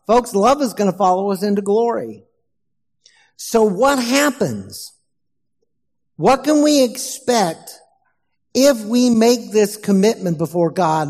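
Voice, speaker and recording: A man preaching a sermon as pastor, slow and emphatic, asking the congregation questions. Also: sits high, lively intonation, darkish tone, big-room sound.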